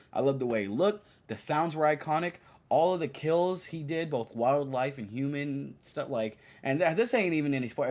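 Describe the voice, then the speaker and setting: Young man, casual solo podcast, slangy, lots of fillers, swings from hyped to low-key. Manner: animated, slangy, many fillers and quoted asides. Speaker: podcast host. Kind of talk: casual solo movie review.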